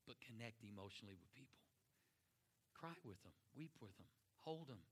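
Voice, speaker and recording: A man's voice: on the low side, expressive, slightly rough. Earnest middle-aged man preaching. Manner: earnest, conversational preaching that drops to soft, slow closing words and prayer. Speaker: pastor. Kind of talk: sermon.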